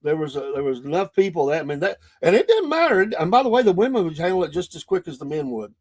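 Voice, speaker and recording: Southern podcast host, middle-aged man, folksy rambling storyteller, voice sits a bit high. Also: big pitch swings, fast talker, darkish tone. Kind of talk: casual monologue.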